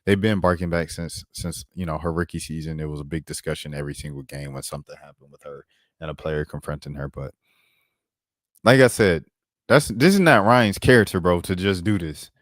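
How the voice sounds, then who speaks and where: A man with a low voice talks fairly quickly, recorded dry with clean studio sound. He hosts a casual basketball commentary stream, slangy and laid-back, saying "bro" and "dog" a lot while he pulls up clips.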